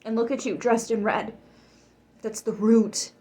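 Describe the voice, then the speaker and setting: A woman's voice: fairly high pitch, flat delivery, measured pace, a little mellow. A woman giving a tarot reading to her viewers. She talks emphatically, swears freely and gets worked up. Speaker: tarot reader.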